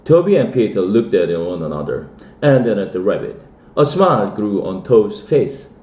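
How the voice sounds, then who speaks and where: A man from South Korea, an English teacher, reading a children's novel aloud in a steady way. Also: lowish voice, normal speed, echoey room. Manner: steady read-aloud with lively dialogue.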